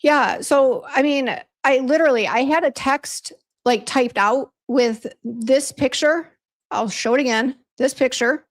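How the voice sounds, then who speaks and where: Using a high voice at a measured pace, a woman chats casually while hosting a livestream for her beauty brand. She vents about a bad hair appointment, reads comments, and greets viewers by name, with plenty of fillers and restarts.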